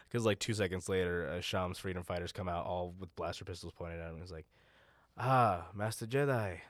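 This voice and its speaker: Laughing, rambling man with a low voice. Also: level tone, no echo, clean studio sound. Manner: laughing, rambling, doing quick silly character voices. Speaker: podcast co-host. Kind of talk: casual chat recapping a show.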